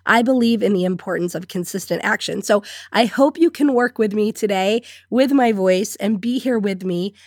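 A woman's voice: mid-range voice, normal speed, hardly any pauses, a little mellow, no echo, clean studio sound. A woman hosting her own podcast while sick, congested and scratchy-voiced, talking in an upbeat way with frequent little laughs. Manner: upbeat, laughs often between phrases. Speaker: podcast host and business coach. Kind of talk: solo podcast talk.

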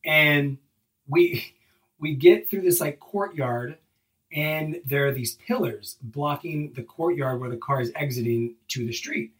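A man telling a funny travel story in casual chat, animated and exasperated, acting out what people said. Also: on the high side, a little slow, far from the mic, poor audio. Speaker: co-host.

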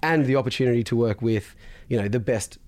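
Man, podcast guest, casual storyteller, loose and chatty, swears, mid-pitched voice. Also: quick pace, a little mellow. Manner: chatty, swears freely, laughs often. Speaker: podcast guest, business founder.

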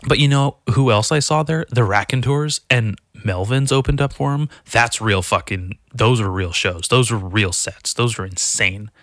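A young man rambling through a profane, self-mocking comedic monologue as a solo podcast host, now and then mimicking people in a squeaky voice. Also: normal speed, hardly any pauses, a bit bright, dry recording, studio quality.

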